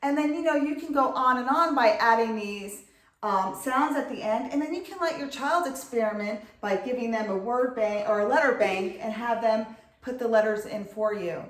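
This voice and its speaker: A middle-aged woman, a reading tutor, patiently explaining and clearly sounding out syllables in an instructional video. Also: a little high, moderate pace. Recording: echoey room.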